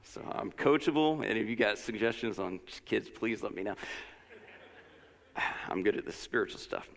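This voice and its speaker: At a church service, a man with a low, gravelly voice gives a relaxed, conversational lesson at a moderate pace. He speaks informally, drifting into personal stories and encouraging asides, while a long reverb from the sanctuary hangs behind his words.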